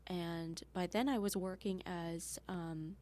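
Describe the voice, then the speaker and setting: Canadian lady cop on a podcast, lowish voice, plain earnest talk. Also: fairly even intonation, takes it slowly, a little mellow. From Ontario, Canada. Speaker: guest, police officer. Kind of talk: casual interview chat.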